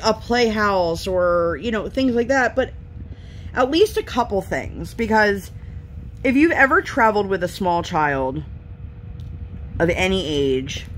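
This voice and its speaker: A woman's voice: medium pitch, slight background noise. Chatty rambling woman vlogger. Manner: rambling, chatty, lively storytelling. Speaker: craft vlogger. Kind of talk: casual chat while crafting. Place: home.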